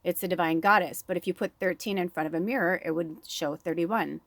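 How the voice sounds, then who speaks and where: A woman's voice: on the low side, brisk, no echo. A middle-aged woman, a spiritual medium, chatting in a rambling, candid way, swearing freely and laughing often. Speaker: spiritual medium and oracle reader. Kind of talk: rambling personal chat.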